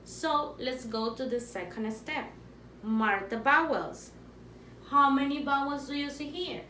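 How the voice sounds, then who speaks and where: A woman with a Spanish accent teaching a phonics lesson to young learners, patient and slow, repeating words for the children. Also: sits high, sharp tone. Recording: echoey room, faint background noise.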